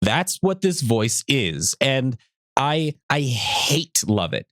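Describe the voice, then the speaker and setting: A man co-hosting a podcast, talking excitedly and reacting strongly. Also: slow pace, no echo, clean studio sound. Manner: excitable, swoops up in pitch when enthused. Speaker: podcast co-host. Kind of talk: casual recap chat.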